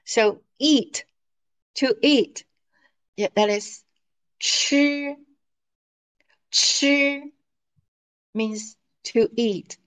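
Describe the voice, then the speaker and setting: A woman teaches at a very slow, drawn-out pace. She says each word again and again for her students. Her pitch sits in a middle range. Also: poor audio. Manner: drawn-out, repeating words for students. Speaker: language teacher. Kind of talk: slow, patient classroom teaching.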